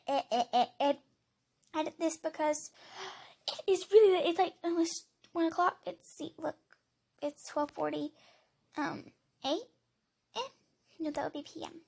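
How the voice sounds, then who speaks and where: A woman commentating her game, excitable and rambling, jumping from loud squeals to hushed whispers. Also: high-pitched. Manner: rambling with many fillers. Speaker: gamer.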